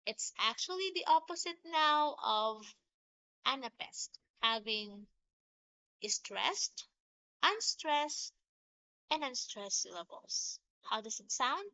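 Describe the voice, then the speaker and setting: A woman's voice: sits high, expressive, sharp tone, dry recording. A woman teacher giving a lesson on poetry, explaining patiently and sounding out rhythms. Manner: slow, patient explaining with sung-out rhythm examples. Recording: dull lo-fi sound.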